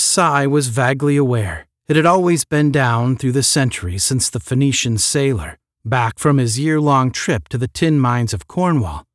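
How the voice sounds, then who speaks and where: A man reading a science fiction short story aloud in a measured, steady narrating voice. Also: mid-range voice, no room sound, clean studio sound. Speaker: audiobook narrator.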